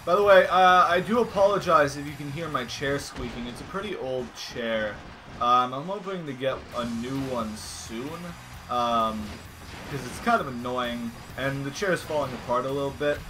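A young man commenting casually while playing a video game at home, swearing and yelling at the screen. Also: mid-range voice, moderate pace, over music. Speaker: gaming channel host. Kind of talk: casual let's-play commentary. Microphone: desk microphone.

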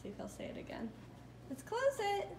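A young woman vlogging casually at her parents' house, chatting and calling out excitedly to her toddler and dog. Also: very high voice, a little fast, roomy sound, a little hiss or hum. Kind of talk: casual home vlog.

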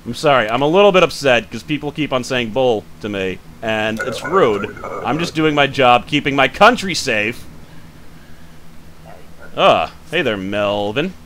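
A man narrating his own gameplay in a loose, casual way, thinking out loud and muttering as he checks each detail. His voice is bright and forceful, at an ordinary pitch, and he grumbles quickly, then says sorry. A faint hum sits under it. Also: animated. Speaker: gaming channel host. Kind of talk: casual let's-play commentary.

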